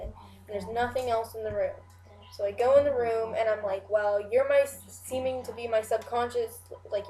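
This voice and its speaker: A woman's voice: fairly high pitch, darkish tone. A young woman casually telling a long dream story, rambling with many "like" and "you know" fillers and frequent swearing. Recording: echoey room.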